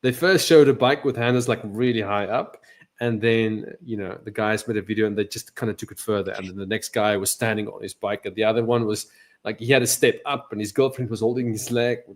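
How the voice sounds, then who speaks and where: Man, fairly low voice, playful co-host, laughs a lot, casual podcast chat. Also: fairly even intonation, a little fast. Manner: jokey, laughs often, asks questions.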